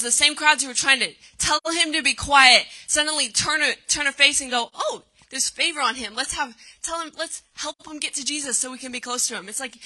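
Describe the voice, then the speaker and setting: A woman preaching with a high, very bright, ringing voice. She reads scripture and then retells the story, lifting into dramatic cries at its peaks. Her delivery is earnest and driving. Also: rough recording. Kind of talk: sermon.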